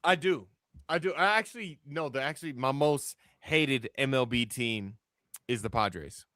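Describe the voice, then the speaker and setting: A man's voice: mid-range voice, moderate pace, bright, forceful tone, dry recording. Chatty male podcast host with a dry, close sound. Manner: chatty, laughs often, hypes the audience. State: slight cough. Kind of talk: casual gaming podcast chat.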